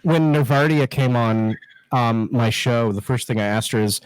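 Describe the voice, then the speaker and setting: A man in his thirties with a mid-pitched voice chats as a guest on a live stream over a video call. He jokes, teases himself and laughs often. The sound is dry and close. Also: normal speed, clean tone, dry recording, poor audio. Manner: joking, self-mocking, laughs often. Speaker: guest, political scientist and show host. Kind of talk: casual live-stream chat.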